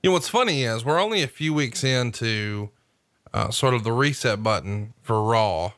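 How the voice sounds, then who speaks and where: A man's voice: mid-range voice, lively intonation, normal speed, fairly bright tone, no room sound, studio quality. A man hosting a casual podcast chat, recapping events and asking teasing questions. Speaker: podcast host.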